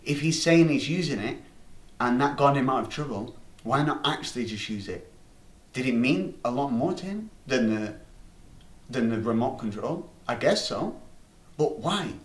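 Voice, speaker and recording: A man's voice: mid-range voice, lively intonation, normal speed. A man rambling through a comic anecdote, swearing freely and restarting his sentences. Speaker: comedy storyteller. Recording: roomy room, distant mic.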